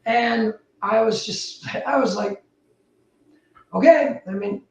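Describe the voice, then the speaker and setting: A woman, a building technology entrepreneur, talking as a guest in a casual interview, animated and emphatic with big swings in pitch. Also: unhurried. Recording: roomy, distant mic.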